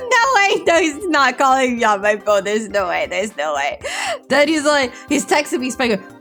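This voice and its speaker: A young woman telling a storytime as a VTuber, dramatic and animated, laughing often. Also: high voice, moderate pace, soft background music.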